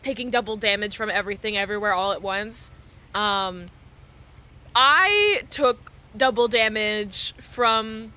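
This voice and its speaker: Bright-voiced woman streamer, laughing often. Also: mid-range voice, unhurried. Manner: animated, laughing often, swearing freely. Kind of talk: casual chat with viewers.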